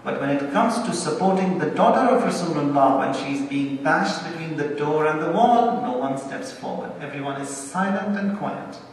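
A man delivering a sermon, stressing key words slowly and with emphasis. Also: on the high side, animated, a little hiss or hum. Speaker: preacher. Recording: echoey hall, speaker far from mic.

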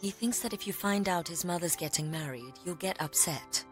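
A woman playing a teasing, caring middle-aged aunt in a dubbed TV drama, with a wry, gently mocking manner. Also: lowish voice, fairly quick, over music, close to an everyday voice.

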